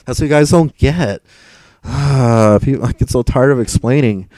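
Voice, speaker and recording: A man's voice: mid-range voice, measured pace, mellow, no echo, low-quality recording. A young man live streaming and answering chat, frustrated and rambling, swearing and stumbling over repeated words.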